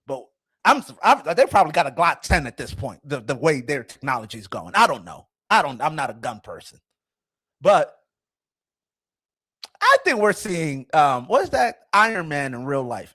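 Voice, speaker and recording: A man in his thirties hosts a casual commentary vlog, rambling and excitable. His fairly high voice leaps around with lively swings in pitch. The recording is dry and close, with no room sound. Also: no echo. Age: 30s. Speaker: host.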